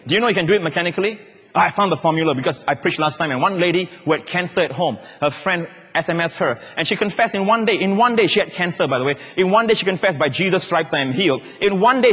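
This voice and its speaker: A man's voice: sits high, breathy edge. Male pastor preaching in a reverberant hall. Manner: preaching with sudden drops to soft, slow, hushed confessions. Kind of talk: sermon. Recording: long reverb of a large hall.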